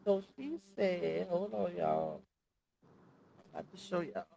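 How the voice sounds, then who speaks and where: A woman's voice: lowish voice, huge pitch swings, measured pace, creaky, dark tone, low-quality recording. A congested woman hosting a casual live stream, talking straight to her viewers through earphones. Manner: chatty, addresses viewers as y'all. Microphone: earphones with mic.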